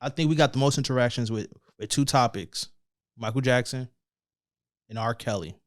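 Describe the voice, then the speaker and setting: A man co-hosting a podcast in casual, joking banter, slangy and prone to trailing off into low mumbles. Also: normal speed. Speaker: podcast co-host.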